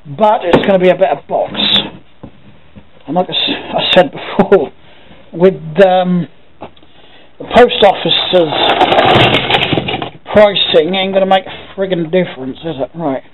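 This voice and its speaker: An Englishman casually talks to camera for a vlog, thinking out loud and occasionally swearing. His voice is high and unhurried, with frequent pauses. The audio sounds tinny, like a phone, with faint noise.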